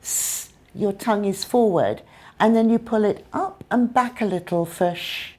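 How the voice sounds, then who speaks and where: A woman with a British accent teaching English pronunciation, modelling sounds clearly and carefully. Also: mid-range voice, a little slow, darkish tone. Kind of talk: pronunciation lesson.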